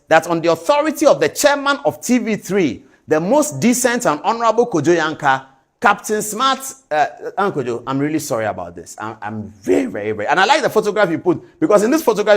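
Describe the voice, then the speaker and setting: A man commenting on a talk show, telling a story in an animated, apologetic way. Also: high voice.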